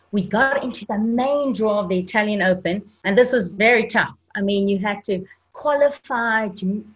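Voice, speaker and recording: A woman from Africa, a sports psychologist guest telling a personal story in an earnest, animated way, with frequent fillers. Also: mid-range voice, dull audio. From South Africa.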